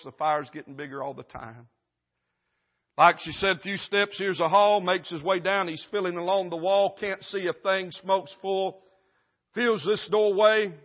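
A man preaching at a church service, telling a sermon illustration dramatically, acting out the voices and swinging from loud to hushed. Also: high voice, moderate pace, highs cut off.

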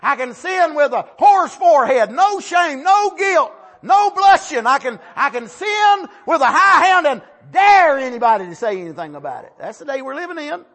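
High, bright-voiced impassioned male preacher. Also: sing-song. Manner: impassioned, drawn-out emphasis, rising to shouts; calls out "Amen" between points. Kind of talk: sermon.

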